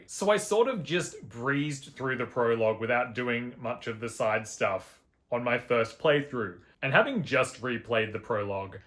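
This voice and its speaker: A man's voice: medium pitch, a bit bright. A man talking through his thoughts on a video game, reflective and enthusiastic, with casual asides. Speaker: gaming video host. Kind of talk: casual game review monologue.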